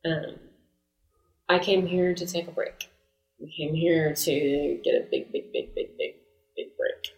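A woman's voice: low-pitched, unhurried. A woman chatting casually as a podcast co-host, telling stories with lots of animation and frequent laughter. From United States. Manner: animated storytelling, laughing often. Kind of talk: casual chat. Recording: roomy echo.

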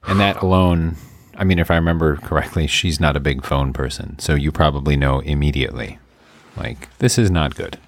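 A man's voice: very deep voice, brisk, no room sound, studio quality. A man hosting a casual conversation, an attentive and sympathetic listener who asks follow-up questions.

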